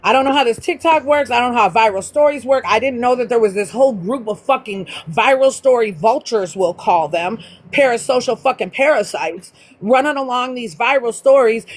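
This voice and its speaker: A woman's voice: on the high side, normal speed, low-quality recording. A woman hosting a casual livestream, ranting bluntly with heavy profanity. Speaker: livestream host.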